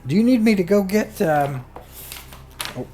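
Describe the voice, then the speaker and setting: A man puts on a small, fussy goblin in spectacles, squeaking high and shrill, stammering and flustered as he fusses over the rules. The tabletop-game voice comes with faint music underneath. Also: animated, a little slow, dark tone.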